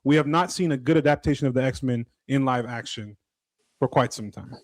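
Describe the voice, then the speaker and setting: A man's voice: medium pitch, a little fast, no room sound. Young man, podcast co-host, casual chat, swearing, dry close sound. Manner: loose, animated, swearing, slangy.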